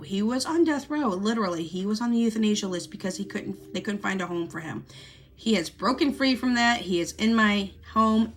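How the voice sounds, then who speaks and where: A woman's voice: mid-range voice, fairly bright tone. A woman chatting casually to camera about her budget from her home desk, rambling and correcting herself as she goes. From Missouri. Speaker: budgeting vlogger.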